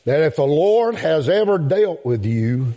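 A man preaching a sermon in a drawn-out cadence that rises into outbursts. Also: on the high side, sing-song, mellow. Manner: calls out "my friend" and "yes, sir".

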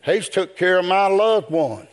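An older man, preaching a sermon in a rhythmic style that builds to shouts. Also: sits high, animated, unhurried.

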